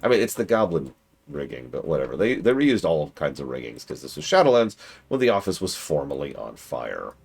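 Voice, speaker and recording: A man streaming a game, rambling casually with self-corrections and excitable asides. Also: rumbling low, brisk, vocal fry, husky. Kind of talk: casual gaming stream commentary. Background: game music.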